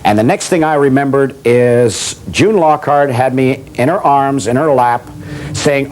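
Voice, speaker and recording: A man's voice: mid-range voice, a little slow, darkish tone, rough recording. A man in an interview recalling a mishap on a TV set in a matter-of-fact way. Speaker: interviewee, actor. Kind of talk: storytelling interview.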